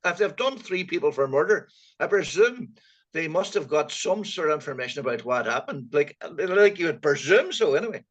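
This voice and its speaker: A man with a Donegal accent co-hosts a loose political chat. His voice sits a little high and he talks in a colloquial, animated way. The sound comes through dull and lo-fi. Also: normal speed. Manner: animated, colloquial, lots of fillers. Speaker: co-host.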